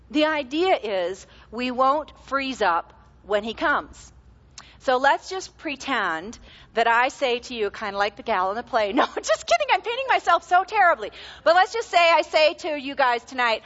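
A middle-aged woman giving a conversational Bible teaching, animated and laughing often, acting out quoted lines. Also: sits high, in a large hall. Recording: slightly dull, lo-fi recording.

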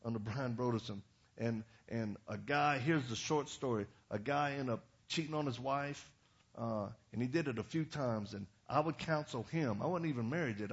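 Middle-aged pastor, blunt and animated storyteller, speaks to the crowd in an even mid-range tone. Muffled, dull recording. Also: male voice, medium pitch, slightly rough. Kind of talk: storytelling sermon.

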